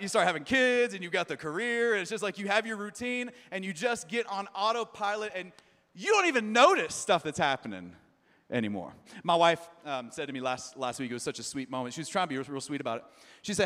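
A man's voice: high-pitched, fairly bright tone, long reverb tail. A male pastor preaching a sermon in a casual, conversational way, telling self-deprecating stories full of fillers.

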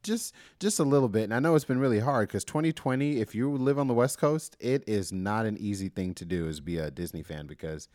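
A man's voice: fairly low pitch, animated, fairly quick, hardly any pauses, a little mellow, no room sound, studio quality. A man co-hosting a podcast in casual, chatty talk, laughing often. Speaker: podcast co-host. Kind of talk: casual chat.

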